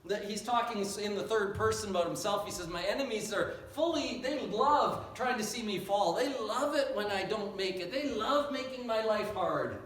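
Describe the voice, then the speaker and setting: A man preaching a sermon in an earnest, emphatic way, dropping low and quiet on key phrases. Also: moderate pace, few pauses. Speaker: pastor. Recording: echoey and distant, faint noise.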